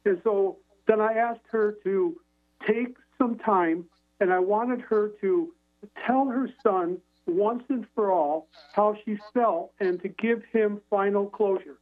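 Speaking slowly in a high voice, this man is a hypnotherapist calling into a radio show. His casual storytelling over the phone line wanders, full of fillers and false starts.

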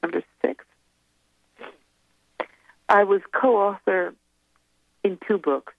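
Gravelly woman on a tinny phone line. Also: medium pitch, very slow, no room sound. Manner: rambling, hesitant while recalling. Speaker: guest author. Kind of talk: casual phone interview. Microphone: telephone.

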